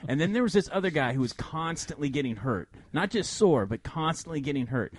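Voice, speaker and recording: A man co-hosting a casual show, telling an animated story and acting out quotes with frequent laughter. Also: a little high, a little fast, slightly rough. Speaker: podcast co-host.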